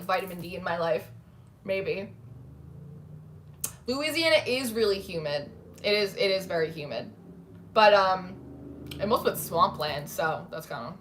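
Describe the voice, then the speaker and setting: A woman's voice: medium pitch, a bit bright, slight background noise. Chatty woman hosting a livestream. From New Jersey, USA. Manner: chatty, says "like" a lot. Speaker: tarot livestream host. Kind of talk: casual chat reading live comments.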